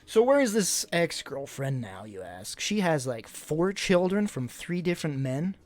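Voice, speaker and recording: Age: adult. Sex: man. Pitch: fairly high. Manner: blunt, rambling storyteller. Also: very animated, unhurried, soft background music. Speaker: livestreamer. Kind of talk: casual chat to a live stream audience.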